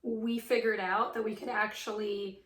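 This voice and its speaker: A woman's voice: mid-range voice, little pitch movement, moderate pace, fairly bright tone, reverberant. A woman coach chatting casually and effusively about her relationship, full of "like" and "right". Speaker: twin flame coach. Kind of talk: casual chat.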